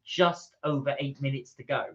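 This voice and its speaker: A man's voice: medium pitch, steady tone, moderate pace, a bit bright. A man co-hosting a live stream, chatting casually and reading viewer comments aloud. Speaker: livestream co-host. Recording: dull lo-fi stream audio.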